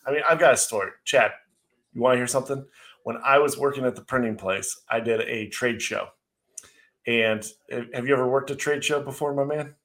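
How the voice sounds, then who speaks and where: Middle-aged man, casual podcast co-host, animated sarcastic storyteller, mid-range voice. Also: medium pitch, fairly quick.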